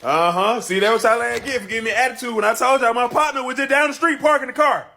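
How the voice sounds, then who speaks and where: A man in a comedic social media clip, talking loudly in a mocking, taunting way. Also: very high voice, fast talker.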